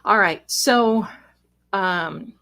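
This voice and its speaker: Slow, chatty woman hosting a livestream. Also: medium pitch, creaky, bright, forceful tone. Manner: chatty, rambling, addresses viewers as darling and sister. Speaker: livestream host and psychic reader. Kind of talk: casual livestream chat. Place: home, cat on her lap. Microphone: desk microphone.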